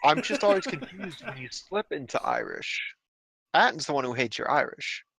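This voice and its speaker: A man's voice: fairly high pitch, huge pitch swings, a little fast, gravelly, a bit bright, low-quality recording. A man co-hosting a comedy show, chatting casually and teasing his friend a little. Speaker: co-host.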